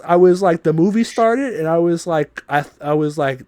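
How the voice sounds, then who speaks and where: A man hosting a podcast, telling a story in a loose, profane, animated way. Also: on the high side, measured pace, dry recording. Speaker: podcast host.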